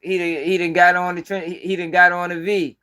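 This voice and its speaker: A man from Baltimore rants through casual live-stream commentary, blunt and heavy on the profanity. His voice sits fairly high for a man, and he hammers his points home with emphatic repetition. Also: flat delivery, brisk, bright, forceful tone, clean tone. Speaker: street news commentator.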